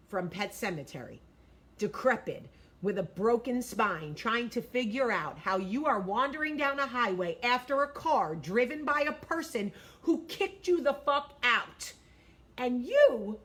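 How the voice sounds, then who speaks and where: A woman in her forties hosting a vlog, giving blunt, profane, animated advice talk. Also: mid-range voice. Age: 40s. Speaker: vlog host.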